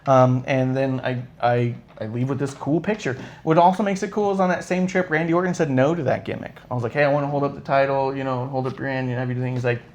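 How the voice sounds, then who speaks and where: A man's voice: mid-range voice, quick pace, few pauses, a little mellow. A man hosting a live podcast in casual chat, rambling through an anecdote with lots of swearing and acting out the quoted lines. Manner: acts out quoted dialogue with shifting voices. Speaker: podcast host.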